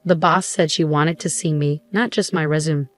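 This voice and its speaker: A woman's voice: deep voice, fairly even intonation, moderate pace, close to an everyday voice. Woman reading a stern young man. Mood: explaining. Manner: firm, scolding. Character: stern loyal young male employee.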